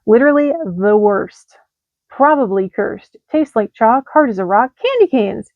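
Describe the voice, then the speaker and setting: A fairly high-voiced woman reads rhyming holiday letters in a lively sing-song way. The recording is dry and a little dull. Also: unhurried, no echo. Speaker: storyteller.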